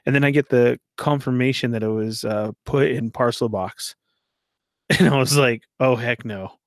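A man's voice: mid-range voice, unhurried, no echo, clean studio sound. A man casually telling a long story, laughing often and acting out what people said. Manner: animated, laughs often, acts out quoted voices.

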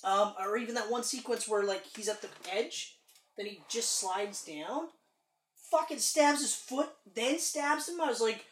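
Casual male podcast co-host, animated and profane, recorded in an echoey room. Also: very high-pitched, a little slow. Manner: animated, swearing, excited retelling. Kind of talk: casual movie chat.

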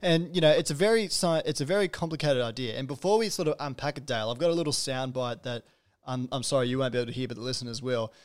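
A man's voice: mid-range voice, fast. A man hosting a podcast interview, talking in a loose, rambling way with many restarts and playful asides. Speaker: podcast host. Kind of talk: casual interview chat.

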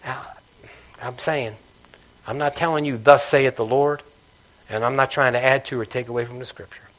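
Bright, impassioned male preacher. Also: medium pitch, fairly even intonation, fairly quick. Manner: impassioned preaching, swinging between loud emphasis and hushed intimacy. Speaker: pastor. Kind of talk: sermon. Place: church.

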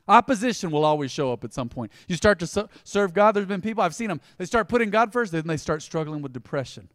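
A male pastor preaching a conversational sermon, emphatic and swinging between loud and hushed lines. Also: fairly high pitch, expressive, quick pace, no echo, clean studio sound.

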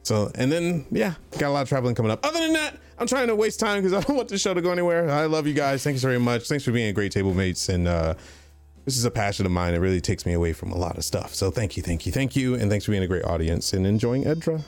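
A man rambling through a casual farewell, full of fillers and little laughs. His pitch jumps around a lot as he talks. Faint music plays underneath. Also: expressive, fast talker. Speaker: tabletop game player.

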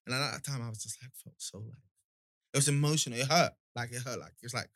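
A man's voice: medium pitch, quick pace, fairly bright tone, no room sound, studio quality. A young man, a podcast guest talking reflectively, often trailing off and filling with "like". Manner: reflective, trailing off, heavy use of "like". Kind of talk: casual chat.

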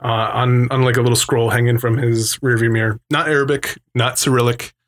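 A man's voice: medium pitch, level tone, brisk. Casual male co-host, mid voice, rambling storyteller. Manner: rambling, swearing, tangent-prone storytelling. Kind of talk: casual chat.

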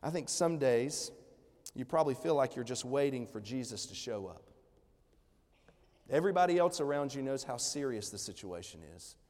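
A man's voice: medium pitch, lively intonation, normal speed, darkish tone. A man, preaching a sermon in a casual, storytelling way with lots of fillers. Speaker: pastor. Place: church sanctuary. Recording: long church hall reverb.

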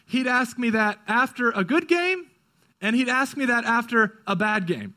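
Bright, high-voiced male pastor preaching. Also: animated. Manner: swings from urgent and quick to hushed and slow. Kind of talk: sermon.

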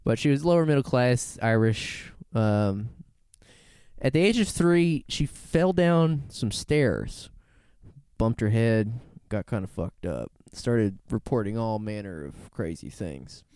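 This man co-hosts a podcast, and his fairly low, slow-paced voice comes through clean in a studio with no echo. He tells a story casually and with animation, laughing a lot and rambling as he corrects himself.

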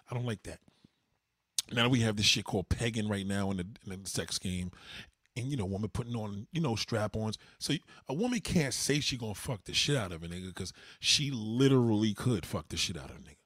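Husky, animated man talking on a livestream. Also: on the low side, a little fast, dry recording, clean studio sound. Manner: loud, profane, animated storytelling. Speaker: livestream host. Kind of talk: casual livestream chat.

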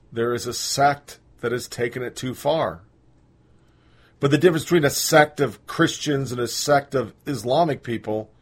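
Blunt, profane podcast host. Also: male voice, mid-range voice, slightly rough. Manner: blunt, profane, opinionated rant. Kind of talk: casual political commentary.

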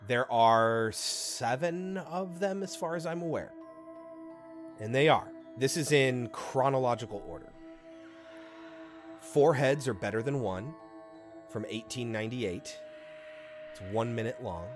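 A man co-hosting a podcast, chatting casually about a film in an animated, profane way with quick asides. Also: medium pitch, over music. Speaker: podcast co-host.

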